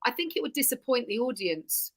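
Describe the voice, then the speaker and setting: An Englishwoman who is a comic performer, chatting lively and animated as the guest of an interview over a video call. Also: fairly high pitch, a little fast. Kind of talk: casual interview chat.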